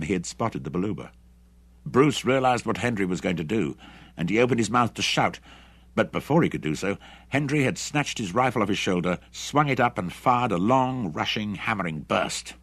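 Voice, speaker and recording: A man narrating an adventure novel audiobook in an expressive, dramatic reading. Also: low voice, normal speed, slightly rough, dry recording. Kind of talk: scripted narration.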